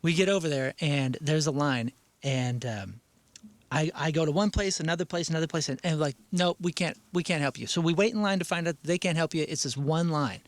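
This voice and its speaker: A man hosting a talk show, telling a travel story with lots of energy and acting out the people in it with loud put-on voices. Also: fairly high pitch, fairly quick, no room sound. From United States. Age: adult with kids. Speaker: radio show host.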